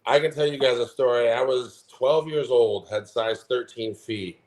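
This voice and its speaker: A man's voice: medium pitch, normal speed, darkish tone, slight background noise. A man in his forties, a podcast co-host, telling a heated, profanity-filled story in casual chat. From Omaha, Nebraska. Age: 40s.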